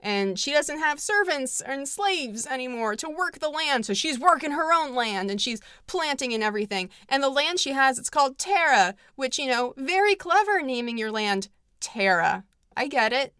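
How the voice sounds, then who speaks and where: A woman's voice: high-pitched, lively intonation, normal speed, bright, forceful tone, no room sound, studio quality. Sarcastic woman rambling through a comedic recap. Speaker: vlogger. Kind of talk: comedic movie summary.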